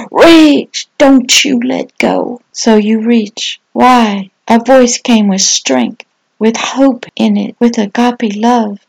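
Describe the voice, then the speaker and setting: A woman pastor delivers a scripted inspirational reading, building each phrase into a solemn, repeated declaration. She takes her time, unhurried and deliberate. Her voice is husky with a rough, gravelly texture. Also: a little high, darkish tone, low-quality recording. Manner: slow, solemn, dramatic declarations with repetition.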